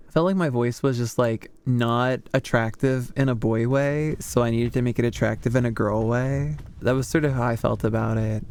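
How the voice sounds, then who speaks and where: A man's voice: medium pitch, normal speed, few pauses, a little mellow, a little hiss or hum. A man streaming as a VTuber, talking casually with chat in a rambling way full of fillers. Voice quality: smooth. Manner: rambling, chatty, lots of fillers.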